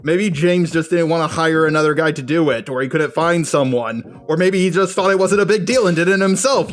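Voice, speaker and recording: A man doing a sarcastic, combative rebuttal commentary voice-over, swearing now and then. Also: high-pitched. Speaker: commentary youtuber.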